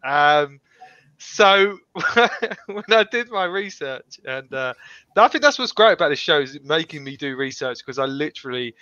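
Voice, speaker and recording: A man's voice: on the high side, expressive, normal speed, pushed and bright, no echo. A man hosting a casual football panel chat, often giggling as he talks, on a slightly muffled recording. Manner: giggly, laughs often while talking. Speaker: podcast host.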